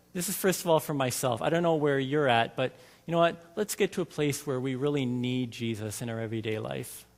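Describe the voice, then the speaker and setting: A man delivers a sermon in a relaxed, conversational manner and keeps turning to the congregation with questions. His voice sits in an ordinary middle pitch. The recording carries a long church reverb. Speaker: lay preacher. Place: church sanctuary.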